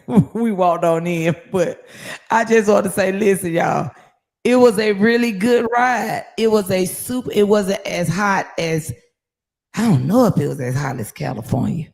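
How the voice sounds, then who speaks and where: Lively woman hosting a phone livestream. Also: on the low side, a little slow, vocal fry. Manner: lively, profane storytelling with laughs. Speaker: livestream host. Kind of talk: casual livestream chat.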